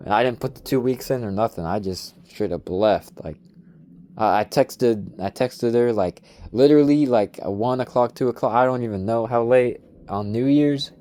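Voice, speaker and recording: A man's voice: mid-range voice, a little mellow. A young man telling a rambling story about an old job in a slangy, casual rant full of "like" and "dude".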